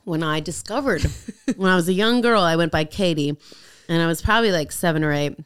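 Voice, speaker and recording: A woman comedian chatting on a podcast, telling a story in an animated way, acting out what people said and swearing freely. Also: lowish voice, brisk, clear, resonant tone. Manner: animated storyteller who acts out quoted voices. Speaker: guest comedian. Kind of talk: casual comedy podcast chat.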